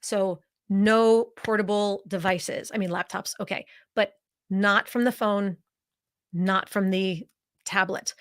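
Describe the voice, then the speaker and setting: A woman presenting a live webinar as a speaking coach and podcast host. Her voice sits in an ordinary middle pitch. She talks directly and conversationally, and hammers points home by repeating them. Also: fairly even intonation, slow pace. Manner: emphatic, repeats points for stress.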